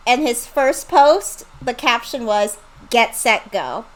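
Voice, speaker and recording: A woman co-hosting a casual chat show, giggly and animated as she gushes. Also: a little high, takes it slowly, low-quality recording. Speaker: podcast co-host.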